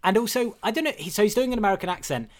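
A man's voice: high voice, expressive, rapid-fire. A man in a casual film discussion, talking hesitantly with many ums and uhs.

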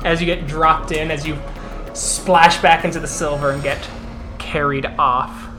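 A man's voice: a little high, fairly even intonation, measured pace, sharp tone, soft background music. A man narrating a tabletop role-playing game as game master.

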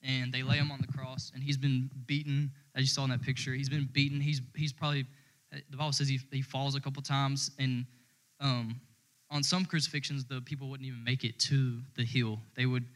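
A man's voice: mid-range voice, level tone, brisk, poor audio. A man giving a sermon in a casual, conversational way, rambling with frequent restarts. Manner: informal and rambling, many fillers and restarts. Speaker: church speaker.

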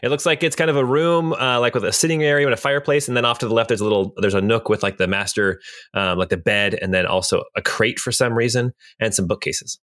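A man's voice: mid-range voice, quick pace, a bit bright. A man narrating a tabletop game as game master in a rambling way, with many fillers.

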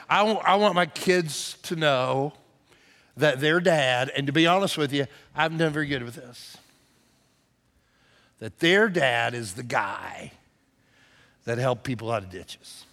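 A middle-aged man preaching a sermon as pastor, telling a story that swells to loud excited peaks and drops to hushed tones. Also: medium pitch, unhurried, creaky, long pauses. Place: church sanctuary. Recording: long hall reverb.

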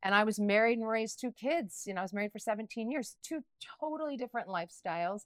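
A middle-aged woman talks candidly as an interview guest. Her delivery is animated and emotional, with many restarts and bursts of laughter. The sound is dry and close. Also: a little high, fast, dry recording. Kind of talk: candid personal interview talk.

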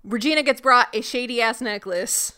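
A young woman chats about a TV episode with quick, wry asides. Her voice is bright and smooth, pitched a little high. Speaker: podcast co-host. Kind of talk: casual chat recapping a TV episode.

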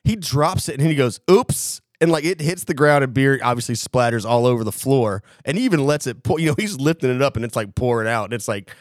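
A man's voice: mid-range voice, quick pace, few pauses, no echo. Brief: man, casual profane storyteller, plays out quotes, dry close mic. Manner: animated, profane, acts out quotes. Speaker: podcast co-host.

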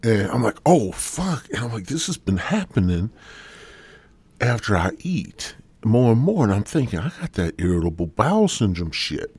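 A male podcast host, high on marijuana and hoarse, rambling crudely through a solo monologue. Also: sing-song, moderate pace, a little mellow, no room sound. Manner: crude, rambling, drifts into breathy whispers. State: voice partly lost, throat-clearing.

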